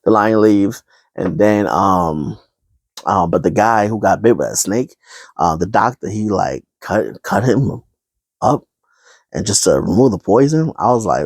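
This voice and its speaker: A man with a lowish voice retells a movie plot in a loose, rambling way. He fills the gaps with ums and starts his sentences over. The sound is close and dry. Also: lively intonation, unhurried, breathy edge, dry recording. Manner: rambling, many fillers. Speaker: vlogger. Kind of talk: casual movie recap.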